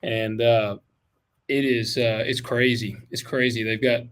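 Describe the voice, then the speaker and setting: A man's voice: medium pitch, flat delivery, unhurried, a bit bright. Chatty man hosting a podcast. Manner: chatty and informal, calls people man and dude. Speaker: podcast host reading listener emails. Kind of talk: casual chat.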